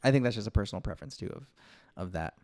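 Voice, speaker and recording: A man's voice: lowish voice, lively intonation, very fast, gravelly, darkish tone. A man, a guest actor on a podcast, chatting casually, laughing often and using lots of fillers. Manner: laid-back, laughs often, many fillers.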